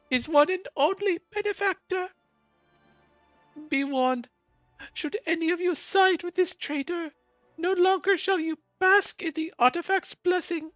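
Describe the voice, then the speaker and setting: A man's voice: extremely high pitch, a bit bright, dry recording, dull audio, voice pushed up, exaggerated voice. A man voicing a pompous, posh male villain who poses as a leader of the poor, with grand speechifying delivery. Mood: scornful. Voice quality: posh, haughty. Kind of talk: voicing game dialogue while streaming.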